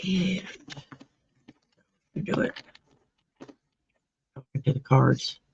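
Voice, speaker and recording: A woman's voice: a bass voice, extremely slow, creaky, darkish tone, a little hiss or hum. A woman doing a live-streamed card reading as a tarot reader, chatty and greeting viewers by name. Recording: dull lo-fi sound.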